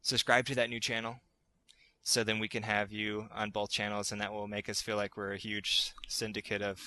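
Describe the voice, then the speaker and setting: A man with a lowish, bright and forceful voice hosts a casual gaming podcast. He talks in a relaxed, rambling way, often restarting his sentences mid-thought. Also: normal speed. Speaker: podcast host.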